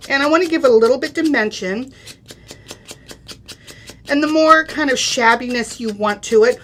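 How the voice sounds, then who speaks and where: A woman's voice: high voice, moderate pace, a bit bright, a little hiss or hum. Chatty woman demonstrating a craft project. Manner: chatty, step-by-step instructions with frequent "okay?" and "right?". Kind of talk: live craft product demo.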